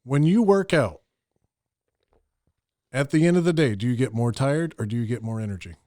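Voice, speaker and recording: A man's voice: medium pitch, lively intonation, moderate pace, a little mellow, no echo, studio quality. A man hosting a podcast interview, enthusiastic and eager to sum up and connect his guest's ideas. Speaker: podcast host. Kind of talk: casual interview talk.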